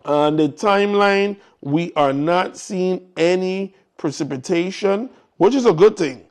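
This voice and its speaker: A man's voice: high voice, a little slow, darkish tone. Upbeat man hosting live. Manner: upbeat, repetitive exhortations to the audience. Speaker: morning show host. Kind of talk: casual live show chat.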